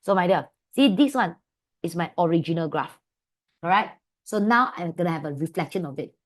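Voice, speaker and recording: A woman with a Malaysian English accent teaching an online maths class, calling her students "my dear" and asking them quick questions. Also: on the low side. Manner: affectionate, calls students "my dear"; lively, asks many quick questions. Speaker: maths tutor.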